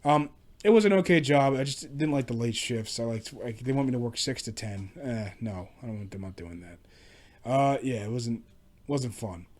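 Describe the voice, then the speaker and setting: A man's voice: medium pitch, moderate pace, darkish tone. A man telling casual stories about past jobs, rambling and profane, with frequent restarts. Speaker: podcast host. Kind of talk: casual solo storytelling rant.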